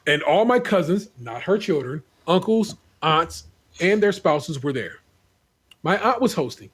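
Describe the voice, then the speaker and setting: Reading forum posts aloud, this male podcast host is laid-back, wisecracking and profane, swearing freely and chatting casually between readings. His husky voice sits a bit high for a man, and he talks a little slowly.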